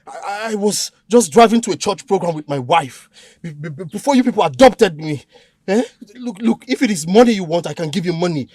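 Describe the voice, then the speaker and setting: An actor playing a stammering, pleading captive. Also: male voice, high-pitched, animated, a little fast, a little mellow, dry recording, studio quality. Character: frightened captive young man, pleading.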